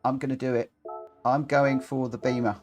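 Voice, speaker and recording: A man's voice: medium pitch, level tone, moderate pace, a little mellow, soft background music. A man hosting a live racing game stream, talking in a chatty, rambling, self-deprecating way. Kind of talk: casual live-stream commentary.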